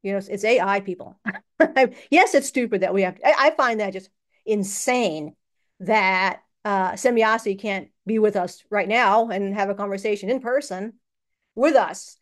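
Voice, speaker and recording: A woman's voice: medium pitch, moderate pace. A woman hosting her own channel, talking in a casual, rambling personal monologue and laughing often. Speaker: channel host.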